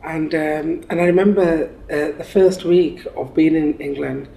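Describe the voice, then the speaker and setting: Gravelly, mellow interviewee from Africa. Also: medium pitch, fairly even intonation, a little slow, low-quality recording. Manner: thoughtful, hesitant with many fillers. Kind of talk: relaxed interview answers.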